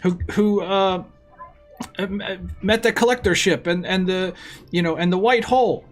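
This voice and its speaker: A man's voice: high voice, unhurried, faint music behind, voice pushed up. A man voicing a nervous, fawning bureaucrat who stammers and keeps saying sir. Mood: flustered. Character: flustered, fawning male bureaucrat.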